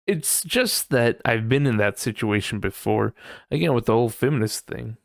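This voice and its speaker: A man's voice: mid-range voice, expressive, moderate pace, gravelly, dry recording, studio quality. A man hosting a casual solo podcast, rambling loosely and laughing often, with lots of "you know". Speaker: podcast host.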